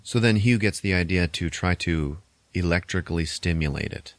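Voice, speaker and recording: A man casually recapping a film's plot on a podcast, loose and wry, swearing and tossing in quick mock voices for the characters. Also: deep voice, no echo. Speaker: podcast host recapping a film. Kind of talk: casual chat.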